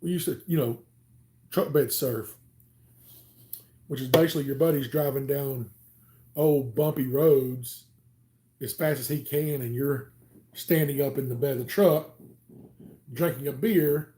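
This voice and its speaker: A man's voice: fairly high pitch, warm tone. A man in his forties from Alabama with a Southern US accent, telling rambling stories casually on a livestream, with lots of "um"s. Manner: rambling, chatty, many "um"s. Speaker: channel host.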